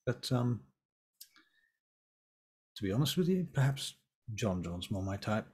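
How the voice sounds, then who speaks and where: A man voicing a reserved adult man who answers a flirt in halting, hesitant words. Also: fairly low pitch, very animated, a little mellow, husky, full character voice. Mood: guarded.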